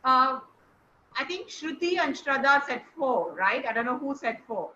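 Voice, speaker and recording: A woman's voice: high-pitched, sing-song, measured pace, pushed and bright, a little hiss or hum. A woman, coaching a class over a video call and quizzing listeners encouragingly. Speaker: speaking coach. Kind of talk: online teaching session. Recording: echoey, slightly dull call audio.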